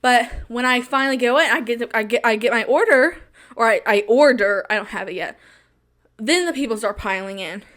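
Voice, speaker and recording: A young woman with a high, light voice talks straight into the mic in a casual monologue. She plays up every moment, repeating her lines for emphasis and breaking into laughter. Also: fairly quick, a bit bright. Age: young adult. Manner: dramatic, repeats phrases for emphasis, laughs often. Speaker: podcast host.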